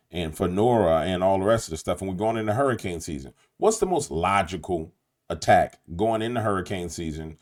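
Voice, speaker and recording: A deep, darkish voice belongs to this man from Louisiana with a New Orleans accent. As a YouTube host, he gives an emphatic, preachy late-night commentary monologue aimed directly at his viewers.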